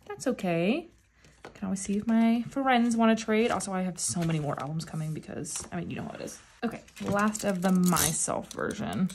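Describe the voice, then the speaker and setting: A woman chats her way through an album unboxing, gushing over each find and gasping often. Her pitch leaps up and down a lot. A faint hiss sits under her voice. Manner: gushing, with frequent excited gasps. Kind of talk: casual unboxing chat.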